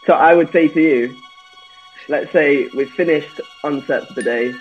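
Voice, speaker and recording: A man's voice: a little high, moderate pace, lo-fi sound, faint music behind. An actor in a playful group chat, laughing as he explains slang with examples. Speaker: actor, quiz presenter.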